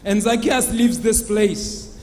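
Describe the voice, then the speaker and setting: A man's voice: sits high, takes it slowly, darkish tone. A man preaching a sermon, retelling a Bible story with dramatic storytelling and acting out the characters. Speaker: pastor. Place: church hall. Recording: long church hall reverb.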